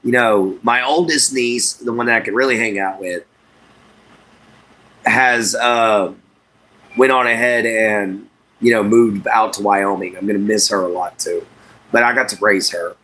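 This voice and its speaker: Halting man chatting with viewers. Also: on the low side, fairly even intonation, pushed and bright. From Southeast Texas. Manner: unhurried, halting, many fillers, talks to chat by name. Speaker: livestream host. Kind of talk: casual chat with viewers.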